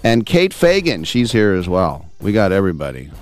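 A man's voice: sits low, huge pitch swings, normal speed, a little mellow, soft background music. A man hosting a sports talk radio show from his home studio, joking and riffing in a punchy, playful way while a little under the weather. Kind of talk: casual, jokey radio chat.

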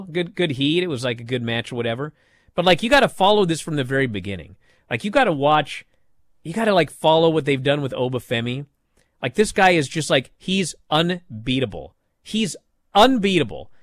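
Animated man recapping wrestling. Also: a little high, no room sound. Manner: animated storytelling, swings from hushed to shouting. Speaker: wrestling podcast host. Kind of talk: casual show recap.

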